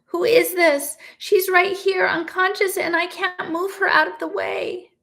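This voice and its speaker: A woman's voice: high voice, measured pace, vocal fry, a bit bright, voice pushed up, exaggerated voice. A woman voicing an injured grandfather pinned under a cabinet, pleading urgently.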